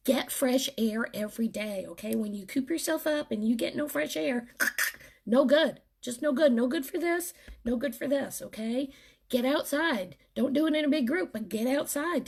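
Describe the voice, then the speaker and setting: Husky, gravelly woman. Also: fairly high pitch, a little mellow. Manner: earnest pep talk to followers. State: teary. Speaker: vlogger. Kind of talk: casual live video chat.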